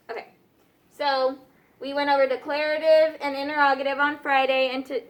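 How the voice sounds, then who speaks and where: A woman's voice: high voice, a bit bright. A woman teacher leading a grammar review in a classroom, checking in often with "okay?" and "right?". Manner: patient, checks understanding with frequent "okay?" and "right?". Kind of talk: classroom lesson.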